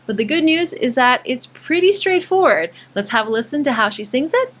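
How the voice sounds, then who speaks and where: A woman vocal coach teaching a song step by step, pausing to explain and sometimes singing short lines to demonstrate. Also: high-pitched, expressive, noisy background. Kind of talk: singing tutorial.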